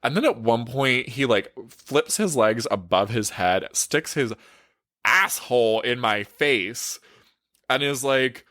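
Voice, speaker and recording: A man's voice: mid-range voice, expressive, slow, sharp tone, dry recording, clean studio sound. A man, a relationship coach, telling a frank, profane story in a casual storytime, full of "like" fillers.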